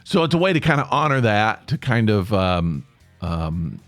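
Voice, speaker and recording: Animated Appalachian man musing aloud. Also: lowish voice, normal speed, dry recording, faint music behind. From East Tennessee. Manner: rambling, self-correcting, chuckles often. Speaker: podcast host. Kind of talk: casual monologue.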